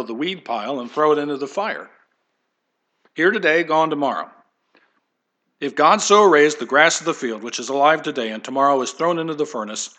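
A pastor preaching a conversational sermon, animated and folksy, acting out the voices he quotes. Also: medium pitch.

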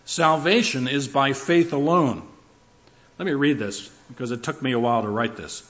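A man's voice: mid-range voice, normal speed, a bit bright, lo-fi sound. A man preaching a sermon, building his points through rhythmic lists and shifts in emphasis. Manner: emphatic, rhythmic lists with rising and falling delivery.

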